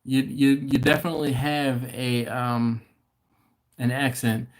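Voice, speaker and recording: Man, livestream host, casual chat, rambling, laughs a lot, mid-pitched voice. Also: steady tone, unhurried. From not from Baltimore. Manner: rambling, laughs often, restarts sentences. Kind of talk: casual live-stream chat.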